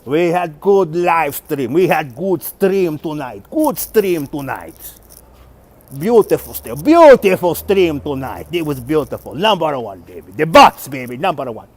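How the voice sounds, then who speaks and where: A man hosting a casual nighttime walking livestream outdoors on city streets, upbeat and thanking viewers for their donations, recorded on a phone. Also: a little high. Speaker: livestream walking tour host. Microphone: phone on a handheld gimbal.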